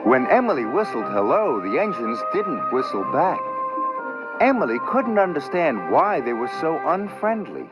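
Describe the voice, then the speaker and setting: A man narrating a children's train story in a slow, expressive storytelling manner. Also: fairly high pitch, muffled recording. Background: loud background music.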